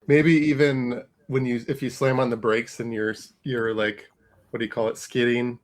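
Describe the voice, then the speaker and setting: A man co-hosting a podcast who thinks aloud in hesitant casual chat, with many pauses and fillers. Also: mid-range voice, little pitch movement. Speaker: podcast co-host.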